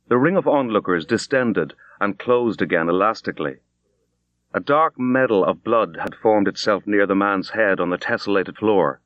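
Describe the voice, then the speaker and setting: A man with a low voice narrates literary fiction in a measured, grave and unhurried way. The recording sounds dull and close, with a very dry booth and no room sound. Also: expressive, a bit bright, no room sound. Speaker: audiobook reader.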